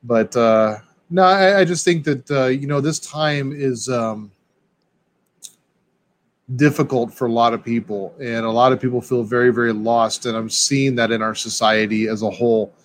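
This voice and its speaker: An excitable man rambling through a casual podcast chat, stumbling over restarts and calling everyone dude. His voice is mid-pitched and easygoing. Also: normal speed.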